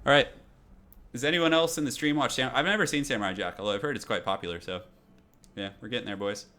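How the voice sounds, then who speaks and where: A young man casually chatting through a live gaming stream, reading out viewer messages in a relaxed, rambling way at a desk microphone. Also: mid-range voice, fast talker. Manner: relaxed, chatty, reads chat aloud.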